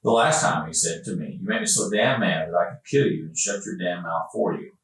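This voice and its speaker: A police investigator reads a written statement aloud in a steady, measured way. His voice is very deep and low. He is heard from a distance in a hard, echoing interview room. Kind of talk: reading a witness statement aloud. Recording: echoey room picked up from far off.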